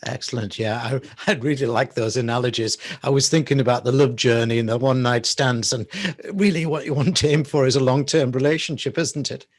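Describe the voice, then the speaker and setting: A man's voice: mid-range voice, steady tone, a little fast, few pauses, no echo, studio quality. A man hosting an interview show, asking questions with friendly, chuckling asides. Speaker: show host. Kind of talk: interview conversation.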